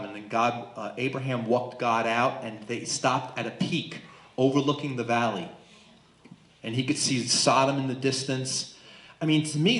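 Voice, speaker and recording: A man teaching a Bible study with emphatic, questioning delivery. His voice sits at a middle pitch. The sound carries a roomy echo. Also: a bit bright. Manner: emphatic, asks listeners questions. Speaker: pastor leading Bible study. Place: church room.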